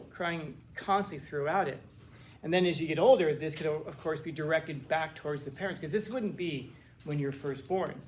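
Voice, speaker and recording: A man's voice: fairly high pitch, slight background noise. A male teacher giving a casual classroom lecture, acting out quotes with lots of restarts. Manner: casual, animated, acts out quotes with frequent restarts.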